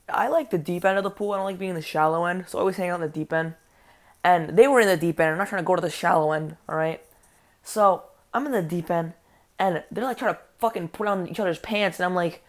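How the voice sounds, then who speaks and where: A woman's voice: lowish voice, fast. Foul-mouthed, incredulous woman telling a story. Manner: profane, incredulous, rambling storytelling. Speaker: vlogger. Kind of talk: casual story time.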